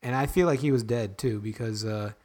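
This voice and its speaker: A young man chats casually on a podcast, rambling and self-deprecating. His voice sits in a middle pitch. He trips over his words and restarts his sentences often. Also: fairly quick, darkish tone, slight background noise. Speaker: podcast co-host.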